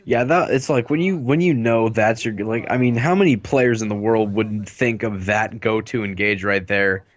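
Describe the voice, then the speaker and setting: A man's voice: fairly low pitch, moderate pace, highs cut off. Jokey male esports caster. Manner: jokey, rambling, laughs often. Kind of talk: live play-by-play commentary.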